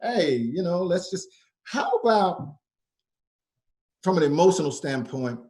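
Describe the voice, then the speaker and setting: A man hosts a casual talk for a college. His voice sits a bit high, and he often restarts sentences and fills gaps with filler words. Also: sing-song, a little mellow. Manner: halting, many restarts and fillers. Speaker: college staff host.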